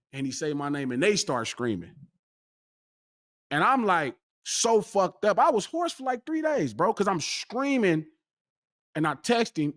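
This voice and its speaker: A man, telling a story as a guest in a casual chat and acting out the dialogue. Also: fairly high pitch. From West Coast US. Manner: animated, excitable storytelling, acting out quoted dialogue. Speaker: podcast guest.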